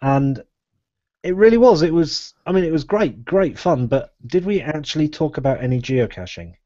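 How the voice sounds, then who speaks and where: A man's voice: a little high, animated, normal speed, mellow, dry recording. A man hosting a live podcast, rambling casually and laughing often. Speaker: podcast host. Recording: dull lo-fi live stream audio.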